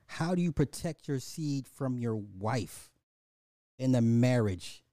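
Profane, animated man ranting on a livestream. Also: mid-range voice, slow pace, no echo, clean studio sound. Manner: profane, loud and animated, with laughs and asides to the chat. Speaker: livestream host. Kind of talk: casual livestream rant.

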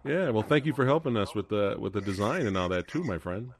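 A man's voice: lowish voice, expressive, quick pace. A man hosting a live podcast, casual and chatty, laughing often and reading out viewer comments. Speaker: podcast host.

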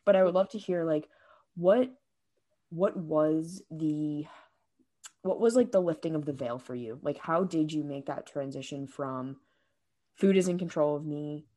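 A woman's voice: sits low, a little slow, dark tone. A woman hosting a podcast, effusive and emotional, talking in a loose, filler-heavy way. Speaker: podcast host. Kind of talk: casual interview chat.

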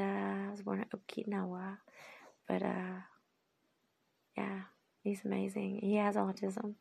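Gravelly husky woman in her thirties. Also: medium pitch, a little mellow. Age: 30s. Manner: rambling, heartfelt, trails off and restarts; emotional, near tears at times. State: drained and tired. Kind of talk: emotional personal monologue.

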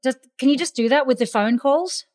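A woman interviewing a guest in a casual chat, asking quick, playful, teasing questions. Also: sits high, darkish tone.

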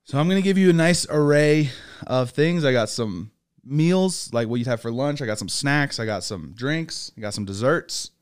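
A man's voice: medium pitch, moderate pace, clean tone. A young man raised in England who speaks with an American accent, chatting as a podcast guest and laughing often. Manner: animated storyteller, laughs often. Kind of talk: casual chat.

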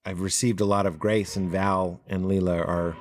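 Earnest, animated man. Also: deep voice, moderate pace. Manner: earnest, animated, laughs often. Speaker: podcast guest. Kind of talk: casual conversation.

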